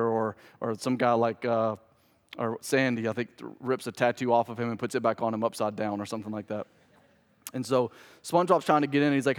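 A male pastor preaches a sermon with emphasis and a humorous streak. He pauses for effect, and his voice sits at a middle pitch. A long reverb from the church hall trails behind him. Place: church sanctuary.

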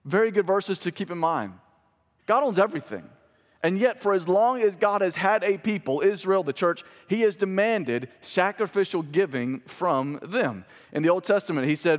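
A man's voice: high voice, animated, normal speed. Male pastor, 30s, chatty sermon delivery that swells on key points, reverberant hall. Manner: conversational preaching, rising for emphasis.

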